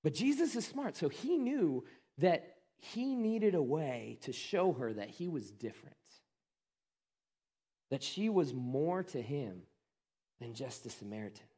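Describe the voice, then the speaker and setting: A man's voice: a little high, sing-song, a little slow, dark tone, husky. A man preaching a sermon as a pastor, retelling the story in a conversational way and often repeating his words.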